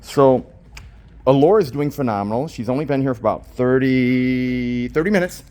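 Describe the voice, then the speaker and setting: A man in his fifties, a dog trainer, narrating a training session while holding a phone. He gushes with praise, slips into baby talk with the dog and gives crisp, short commands. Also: mid-range voice, normal speed, darkish tone. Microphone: phone held in hand.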